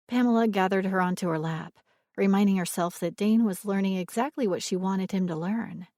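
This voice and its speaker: Kadın anlatıcı, sesli kitap, ölçülü ve ifadeli okuma, kuru kayıt. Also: female voice, mid-range voice, measured pace, a little mellow, dry recording, studio quality. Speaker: audiobook narrator. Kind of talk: scripted romance narration.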